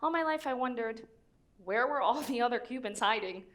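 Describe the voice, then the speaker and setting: A young woman from Connecticut performing a comic autobiographical stage monologue, animated and jokey, with big swings in pitch and loudness. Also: a little fast. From Stamford, Connecticut, US. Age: young adult.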